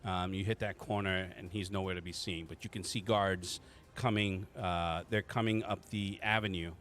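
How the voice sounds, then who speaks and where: A man's voice: deep voice, steady tone, normal speed, a bit bright. A man running a tabletop game as game master, casual and teasing, rambling with frequent restarts.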